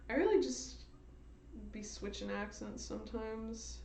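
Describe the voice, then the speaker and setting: A woman's voice: mid-range voice, unhurried, slight background noise. A young woman streamer chatting in a playful, rambling way full of slang and laughter, recorded in her bedroom. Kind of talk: casual rambling livestream chat. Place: bedroom with a large window. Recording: echoey room.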